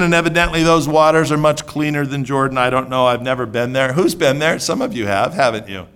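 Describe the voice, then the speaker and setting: A man preaching a sermon in an animated, conversational way, joking with the congregation and swinging between hushed asides and loud outbursts. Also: medium pitch, brisk, few pauses, clear, resonant tone.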